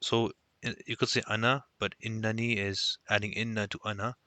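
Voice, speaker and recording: A man's voice: fairly low pitch, flat delivery, moderate pace, bright, forceful tone, dry recording. A man teaching a recorded language lesson, explaining step by step and mixing Arabic phrases into his English.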